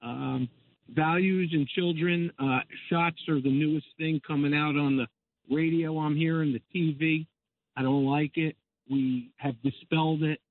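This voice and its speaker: A man's voice: a little high, fairly even intonation, unhurried. An older man calling in to a radio show, speaking hesitantly and stopping often on filler sounds. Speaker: caller. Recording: phone line.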